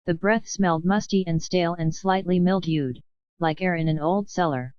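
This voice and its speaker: Smooth-voiced woman reading a storybook. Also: lowish voice, normal speed, a little mellow, no echo, dull audio. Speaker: audiobook narrator. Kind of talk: scripted storybook narration.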